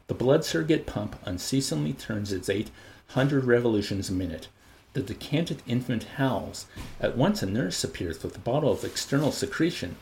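A man narrating an audiobook in an expressive, measured reading. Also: mid-range voice, creaky, a little hiss or hum. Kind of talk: scripted narration.

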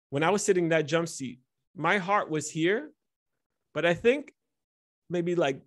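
A man in his thirties speaking candidly to an audience, telling vulnerable personal stories in an animated way. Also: fairly high pitch. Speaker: speaker teaching instructors. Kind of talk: personal storytelling talk.

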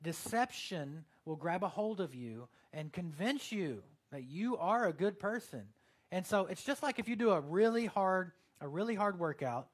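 A man's voice: high-pitched, animated, moderate pace. A man preaching a sermon in a casual, conversational way, with lots of fillers and quoted asides. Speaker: pastor.

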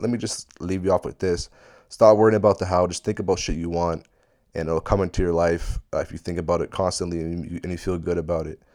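A man's voice: deep voice, darkish tone, no echo, studio quality. A young man hosting a casual solo podcast, rambling and swearing freely in a laid-back way. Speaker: podcast host.

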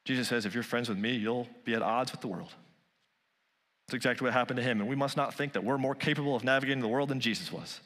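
A male pastor preaching a sermon, rising loud on key points and dropping soft on others. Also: mid-range voice, fast talker, long reverb tail.

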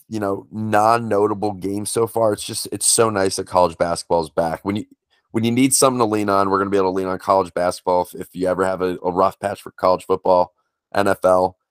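Male co-host, low voice, rambling excitable fan chatter, dry sound. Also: no room sound. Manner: rambling, emotional fan talk with restarts. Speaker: podcast co-host. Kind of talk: casual sports betting chat.

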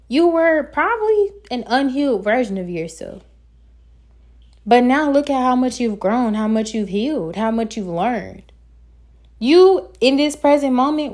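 A woman's voice: a little high, a little mellow. A woman hosting her own podcast, giving an earnest, encouraging self-help talk and sometimes stumbling over her words. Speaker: podcast host.

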